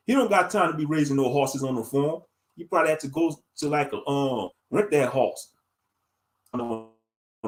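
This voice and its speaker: A man giving casual livestream commentary in a blunt, rambling way, repeating his phrases. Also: fairly high pitch.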